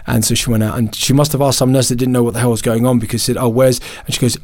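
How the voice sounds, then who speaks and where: A man, a podcast guest, telling a candid personal story in an animated, emotional way, often restarting and laughing at himself. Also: medium pitch, fast talker, no echo, clean studio sound.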